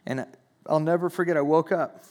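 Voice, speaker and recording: A young man preaching and telling his own testimony, earnest, repeating words and falling to a hush at low moments. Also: fairly even intonation, brisk. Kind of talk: sermon testimony.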